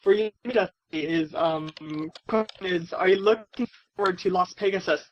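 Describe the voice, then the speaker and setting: High-voiced man reading questions, lo-fi. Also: moderate pace, slight background noise. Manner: hesitant, filler-heavy question reading. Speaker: co-host reading viewer questions. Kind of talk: casual chat. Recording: dull lo-fi mic.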